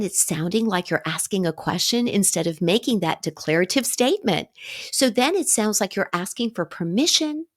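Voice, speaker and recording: A middle-aged woman hosts a solo coaching podcast. Her delivery is upbeat and encouraging, and she speaks straight to her listeners as if chatting with friends. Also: medium pitch. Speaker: podcast host.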